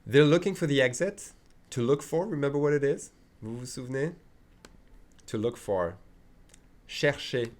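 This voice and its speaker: A man teaching a beginners' language lesson in a relaxed, joking way, with many fillers and restarts. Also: medium pitch, normal speed, pauses often. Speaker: French teacher. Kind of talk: casual spoken lesson.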